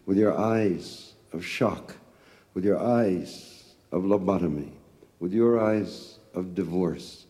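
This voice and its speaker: A man giving a poetry reading, intoning a long litany in a measured, solemn way. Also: low-pitched, dark tone. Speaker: poet.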